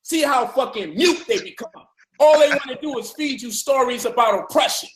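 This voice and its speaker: Brief: man, higher pitch, forceful profane preacher, roomy echo. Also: normal speed. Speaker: speaker in a debate. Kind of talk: heated discussion.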